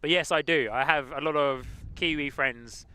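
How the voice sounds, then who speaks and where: A man with a London-tinged English accent, casually chatting as host of a live stream and reading out viewer comments, easygoing and quick to laugh. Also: a little high, bright, forceful tone, clear, resonant tone. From England. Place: outdoors at an airport plane-spotting spot.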